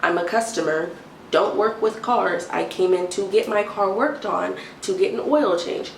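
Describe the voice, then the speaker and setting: Young woman, exasperated storytime rant, gravelly edge, roomy distant sound with faint hiss. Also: medium pitch, moderate pace. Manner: exasperated, animated storytelling, mimics a timid whisper.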